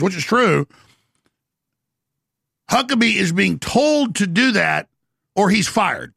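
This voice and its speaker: Gravelly intense man ranting. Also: high-pitched, expressive, measured pace, long pauses, bright, forceful tone, no echo, studio quality. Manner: gravelly, intense, boastful, mocking voices in quotes. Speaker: talk show host. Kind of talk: ranting monologue.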